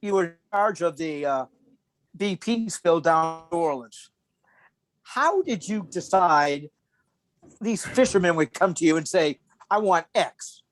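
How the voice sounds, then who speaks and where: Halting interview moderator on a video call. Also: medium pitch, animated, dry recording. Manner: halting, with many fillers. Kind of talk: casual interview questions.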